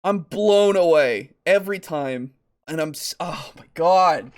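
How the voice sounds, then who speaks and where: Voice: medium pitch, animated, unhurried. A podcast co-host in a casual discussion, ranting with exasperation and frequent swearing, reading out comments and quotes as they go. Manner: reads comments and quotes aloud.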